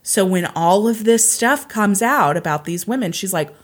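A woman telling a true crime case in casual chat, acting out quotes and swearing casually. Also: normal speed. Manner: animated, acts out quotes with raised pitch, swears casually.

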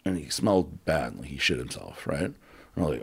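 A man candidly telling a personal story as an interview guest, halting, with many fillers and blunt swearing. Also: very deep voice, big pitch swings, vocal fry.

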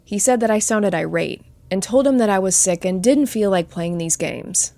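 A woman hosting a spooky story show, reading listener stories aloud in a soft, earnest storytelling voice. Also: medium pitch, normal speed, no room sound. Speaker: host and narrator.

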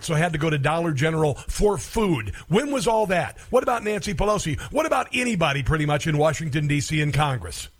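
Brief: male talk radio host, a bit high-voiced, sarcastic and combative. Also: slightly rough. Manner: sarcastic, combative, mocking asides. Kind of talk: political talk radio monologue.

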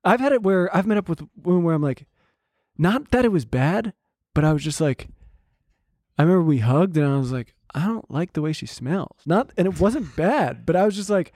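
A man's voice: high voice, lively intonation, a little fast, darkish tone, no room sound, studio quality. A man chatting casually, telling a dating story with lots of quoted dialogue and laughs. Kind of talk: casual podcast chat.

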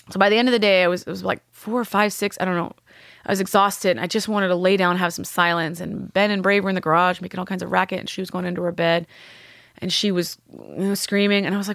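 A woman, a podcast guest, telling a painful personal story candidly, with halting restarts and blunt swearing. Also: on the low side, fairly even intonation, gravelly, fairly bright tone, no room sound, clean studio sound.

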